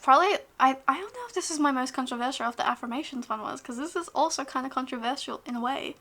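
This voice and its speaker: A woman vlogger chatting casually to camera, rambling with many fillers and restarts, sometimes dropping to a soft whisper. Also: sits high. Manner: drops to a soft whisper at times.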